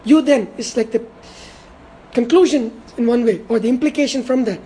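A woman preaching an expository sermon. She talks emphatically, repeats key words and slows down to stress her points. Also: fairly high pitch, warm tone, breathy edge, low-quality recording.

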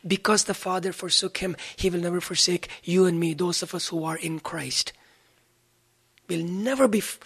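Delivering an earnest sermon, this preacher has a husky, slightly breathy, mid-range voice that's a bit bright, with a steady tone at normal speed. Scripture is cited by chapter and verse, and key phrases are repeated to drive them home.

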